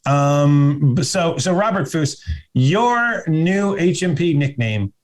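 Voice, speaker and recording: A man's voice: a little high, lively intonation, slow. A man hosting a movie podcast in casual, rambling chat with wry asides. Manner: rambling, lots of fillers, wry. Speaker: podcast host.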